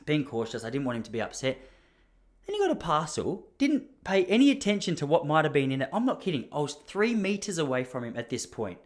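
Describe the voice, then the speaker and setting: An Australian man hosting a podcast, telling a story in a casual, ranting way with mock outrage. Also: on the high side. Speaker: podcast host.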